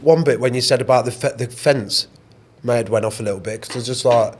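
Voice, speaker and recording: A man's voice: mid-range voice, a little mellow, breathy edge. Young man chatting on a podcast. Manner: chatty interviewer, quick to react. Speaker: podcast co-host. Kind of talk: casual chat.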